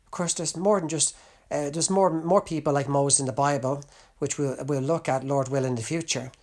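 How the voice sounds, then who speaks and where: A man's voice: fairly high pitch, steady tone, moderate pace, a little mellow. A middle-aged Irish man preaching a sermon, impassioned, his voice climbing fervently when he presses a point. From Ireland.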